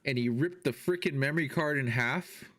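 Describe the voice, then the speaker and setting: A man's voice: moderate pace, fairly bright tone. A young man co-hosting a podcast, telling stories in casual chat and joking around. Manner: joking, acts out quotes in high voice. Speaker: podcast co-host.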